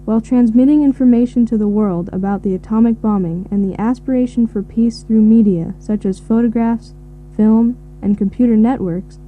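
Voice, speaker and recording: A woman reading a formal declaration on peace in a steady, declarative way. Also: a little high, moderate pace. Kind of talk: read-out speech. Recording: tinny phone-like recording with hum.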